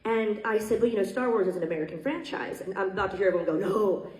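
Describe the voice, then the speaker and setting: A woman's voice: medium pitch, fast, darkish tone. A woman moderating a convention panel, asking friendly, teasing questions. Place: convention stage hall. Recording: echoey hall, distant mic.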